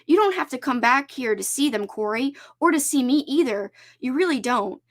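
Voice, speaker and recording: Gentle fatherly man, as a woman reads him. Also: extremely high pitch, lively intonation, moderate pace, full character voice. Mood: tender. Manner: warm, reassuring, fatherly. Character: loving, gentle late father at his porch. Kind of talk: reading a novel aloud.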